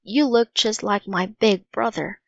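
A woman voicing a calm, thoughtful young boy who speaks softly and earnestly, on a dull lo-fi recording. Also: medium pitch, measured pace, creaky, dry recording. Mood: gentle. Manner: soft, steady, earnest.

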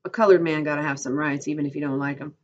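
A woman's voice: low-pitched, fairly even intonation, fast, a little mellow, a little hiss or hum, lightly acted. A woman reading aloud, voicing a proud, bitter stable hand who talks coldly and guardedly, in a dull lo-fi recording.

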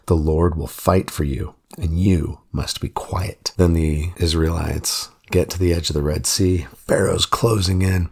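A man with a deep, low voice reflects on a Bible passage in an earnest, conversational way. His tone is gravelly and a little husky. He sounds like a pastor talking through a reading with his listeners.

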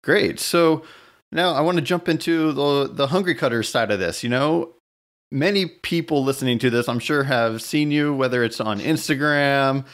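A man's voice: medium pitch, moderate pace, a bit bright. Male podcast host, casual interviewer, easy conversational questions, short friendly replies.

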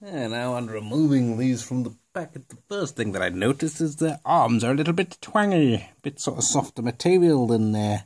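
Man, mid-pitched, casual rambling unboxing patter, jokey asides to the viewer. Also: animated, moderate pace, few pauses, darkish tone. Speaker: toy reviewer.

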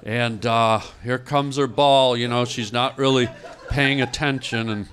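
A man's voice: mid-range voice, a little slow, background noise. A man doing improvised stand-up in a club, telling an absurd tragic story with mock grief and snapping at the audience now and then. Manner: deadpan mock-grief storytelling, mock-angry outbursts at the crowd. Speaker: stand-up comedian. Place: comedy club stage with a laughing audience.

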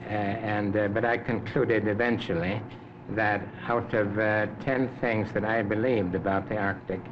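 An older man in his seventies with a lowish voice, giving slow, measured answers broken by pauses and fillers. The recording is dull and lo-fi, from the 1950s. A clear hiss runs under every word. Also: fairly even intonation. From Canada. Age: 70s. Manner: measured, unhurried, many hesitations. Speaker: interview guest, Arctic explorer. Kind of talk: unscripted interview answers.

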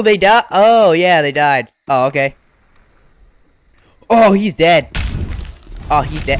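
A gaming YouTuber giving unedited play-by-play commentary, talking in casual slang and reacting loudly to what happens on screen. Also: medium pitch, slow, pauses often. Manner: excitable, reacts loudly to game events; casual slang-filled chatter. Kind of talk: unedited live gameplay commentary.

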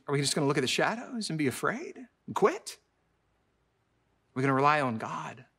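A male pastor delivers a sermon in a fairly high voice. He is emphatic, climbing to loud, high peaks and then falling to soft, low asides. He repeats words and phrases to drive points home. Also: big pitch swings, brisk, long pauses, husky.

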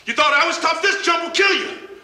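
An actor playing an intense male boxing trainer who shouts urgent commands at his fighter in a film scene. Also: extremely high pitch, brisk, a little hiss or hum, full character voice. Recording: echoey film clip under music.

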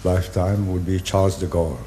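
A man, giving a public speech in deliberate, halting phrases and hitting key words hard. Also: deep voice, level tone, mellow, a little hiss or hum. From Singapore. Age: 80s. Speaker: invited speaker.

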